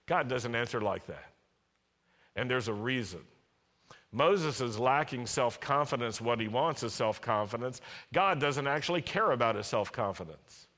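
A male pastor preaching a sermon in an animated way, acting out voices and having the congregation repeat lines after him. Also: mid-range voice, unhurried.

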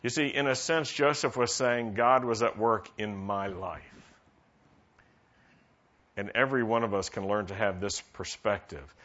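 A man's voice: fairly low pitch, measured pace, a bit bright. A male pastor preaching a sermon and asking the congregation questions to draw them in. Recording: dull lo-fi sermon recording.

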